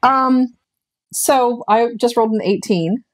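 A woman playing a tabletop game, chatty and inquisitive, quick to laugh. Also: fairly high pitch. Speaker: player.

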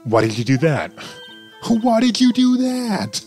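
A man's voice: sits high, big pitch swings, a little slow, a little mellow, faint music behind, voice pushed up. A man voicing an earnest young male defense attorney in a game playthrough, exclaiming and flustered. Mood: indignant. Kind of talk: let's play voice acting.

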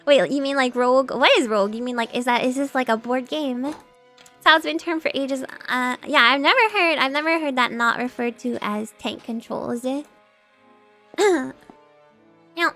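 A woman's voice: high-pitched, moderate pace, a bit bright. A young woman streaming a video game, chatting casually and giggling as she reacts to what happens on screen. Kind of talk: casual gameplay commentary. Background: game music.

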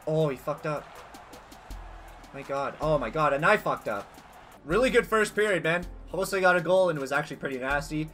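A young man giving casual, excitable gameplay commentary as a gaming channel host, swearing and yelling at big plays. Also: a little high, a little fast, faint music behind. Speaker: gaming youtuber.

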